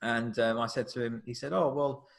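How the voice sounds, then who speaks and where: A male filmmaker chatting in a live Q&A, swinging between quiet asides and excited bursts as he tells stories. He acts out what people said and often restarts his sentences. His voice sits at an average male pitch. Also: a little fast, creaky. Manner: animated storyteller, acts out quotes, frequent restarts. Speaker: film director and producer. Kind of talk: live Q&A conversation.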